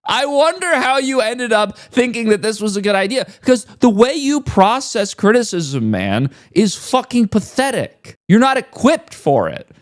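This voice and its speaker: A man's voice: very high voice, big pitch swings, normal speed, few pauses, no room sound, clean studio sound. A man hosting a commentary video, ranting in a sarcastic, profane and scornful way. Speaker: commentary host reacting to clips.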